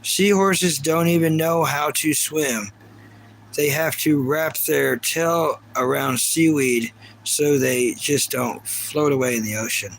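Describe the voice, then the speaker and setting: A man's voice: fairly high pitch, steady tone, slow pace, creaky, a bit bright, a little hiss or hum, poor audio. A man with a Kentucky accent chatting casually on a live stream, rambling earnestly and reading viewer comments aloud. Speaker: livestreamer.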